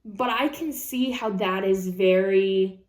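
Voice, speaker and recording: A woman vlogger reading an online story aloud and reacting to it in casual chat, blunt and freely swearing, with animated asides. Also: mid-range voice, slow. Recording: roomy echo.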